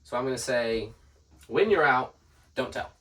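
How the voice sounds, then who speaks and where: A man hosting a business podcast, giving casual tips and acting out quick customer exchanges while writing points on a board. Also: medium pitch, lively intonation, fairly bright tone, far from the mic. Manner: writes on a board while talking. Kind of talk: casual instructional talk.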